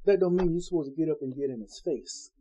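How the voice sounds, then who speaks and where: A man's voice: fairly high pitch, fast, dark tone, a little hiss or hum, low-quality recording. A man preaching an informal Bible-study sermon in a folksy, conversational way, acting out the people he quotes.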